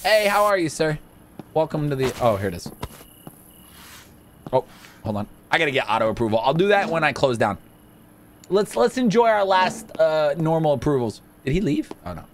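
A man hosting a casual let's-play video, excitable and jokey, chatting to the game's characters as he plays. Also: fairly high pitch, moderate pace, pauses often, a little hiss or hum. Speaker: gaming video host.

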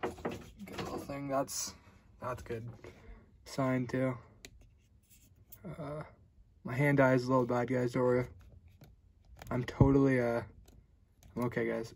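A young man hosting a casual card-opening video, chatting loosely and getting excited at good pulls. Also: mid-range voice, unhurried, creaky, long pauses, slight background noise. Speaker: card-opening channel host.

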